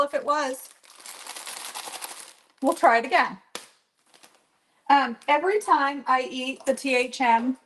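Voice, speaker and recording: A woman's voice: high-pitched, a bit bright. A woman hosting a live cooking stream from her home kitchen, chatting and rambling as she greets viewers by name. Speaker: cooking channel host.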